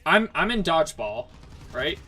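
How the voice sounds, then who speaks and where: A man's voice: fairly high pitch, big pitch swings, normal speed, sharp tone. A young man, chatting casually on a gaming stream and telling a long, rambling story packed with "like". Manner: rambling storyteller, heavy use of "like". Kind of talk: casual chat while gaming.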